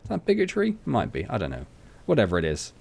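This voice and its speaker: A man's voice: lowish voice, wildly swooping pitch, fast, vocal fry, darkish tone. A young man chatting casually and rambling as he plays through a farming game, poking fun at himself. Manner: chatty, rambling, self-mocking. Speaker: gaming channel host. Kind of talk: casual let's play commentary.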